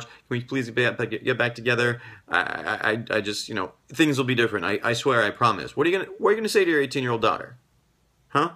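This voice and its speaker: A man's voice: fairly low pitch, fairly bright tone. A man giving emphatic, lecturing dating advice as a coach, stretching out key words for effect. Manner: emphatic, lecturing, drawn-out pauses. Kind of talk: advice monologue.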